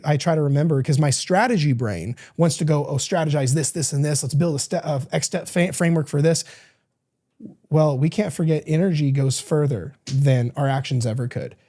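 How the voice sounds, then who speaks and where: A man's voice: fairly high pitch, mellow. A man hosting a podcast as a coach, talking in an earnest, rambling way with frequent restarts and self-corrections. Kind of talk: casual reflective podcast monologue.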